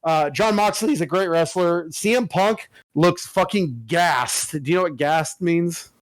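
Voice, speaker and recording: A man's voice: fairly high pitch, unhurried, no echo, poor audio. A man co-hosting a podcast, telling a long story in casual chat with lots of swearing. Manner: profane, animated storytelling. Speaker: podcast co-host.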